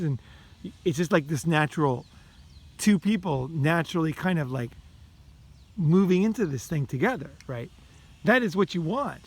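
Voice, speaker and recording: A man talking to his viewers in a casual, rambling monologue, blunt and emphatic, swearing often and restarting his sentences. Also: a little high. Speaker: vlogger.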